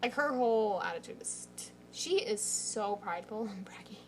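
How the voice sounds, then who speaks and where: A woman's voice: medium pitch, animated, moderate pace, background noise. A woman co-hosting a podcast, chatting casually and teasing her friend with a giggly manner. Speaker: podcast co-host. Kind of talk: casual chat.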